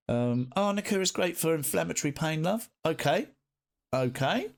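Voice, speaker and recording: A man's voice: fairly high pitch, expressive, normal speed. A man, live streaming and chatting casually with his viewers, greeting them by name and swearing freely. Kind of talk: casual chat reading live chat.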